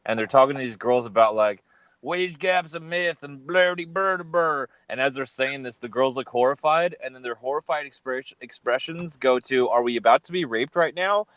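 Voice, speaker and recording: A man talking casually on a live stream, mid-pitched, recorded with a dry, close sound and no room echo. He retells funny clips in an animated way, laughing often. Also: a little fast, hardly any pauses.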